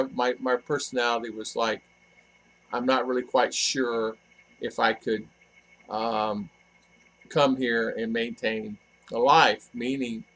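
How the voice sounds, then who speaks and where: A middle-aged man telling a personal story as a podcaster, rambling and reflective, with halting restarts, recorded at a home podcast setup. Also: mid-range voice, a bit bright. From United States. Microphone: podcast microphone.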